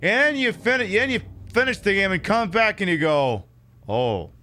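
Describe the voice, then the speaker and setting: A man's voice: high-pitched, expressive, moderate pace, pushed and bright, a little hiss or hum. A man streaming a video game, giving casual, rambling commentary full of sarcastic jokes and swearing.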